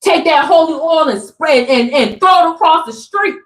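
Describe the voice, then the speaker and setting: A young woman delivers a spiritual pep talk in a high, bright-pitched voice. She talks casually but builds emphasis through repetition, like a preacher working a crowd. Her voice rings out in an echoey room. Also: expressive, moderate pace. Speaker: spiritual content creator.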